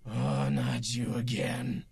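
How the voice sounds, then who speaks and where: A bored, deadpan Death, voiced by a man with a gravelly, husky voice and an unhurried pace. He speaks in a flat, weary manner, and the sound is dry and close. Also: medium pitch, no echo, full character voice. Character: weary, deadpan male Death collecting souls. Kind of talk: sketch comedy acting.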